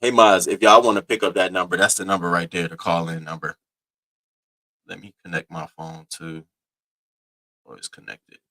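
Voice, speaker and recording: Guy doing a live stream, bright punchy voice, shouting out chat names, cussing casually. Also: low-pitched, normal speed, pauses often. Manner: animated, greets viewers by name, swears freely.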